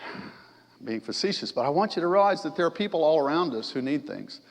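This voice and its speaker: Man preaching, conversational, asks the congregation questions, fairly high voice, long church reverb. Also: animated, fast, gravelly. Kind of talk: sermon. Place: church sanctuary.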